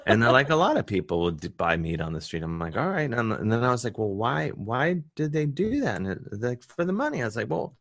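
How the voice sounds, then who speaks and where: An American man, a comedian guest, telling a story in casual chat and jumping into high voices when quoting people. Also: big pitch swings, a little fast, hardly any pauses, fairly bright tone, no room sound, studio quality.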